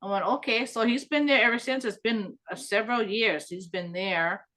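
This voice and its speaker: A middle-aged woman from Hawaii, speaking with a light pidgin-tinged accent, casually tells family stories as an interviewee. She laughs often and gets animated when quoting family, her voice medium in pitch at a normal speed.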